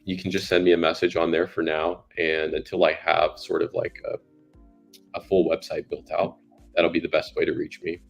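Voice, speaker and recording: A man's voice: deep voice, completely flat delivery, normal speed, creaky, faint music behind. A man talking as an interview guest about sales, in loose, talky conversation with plenty of fillers. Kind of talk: casual conversation.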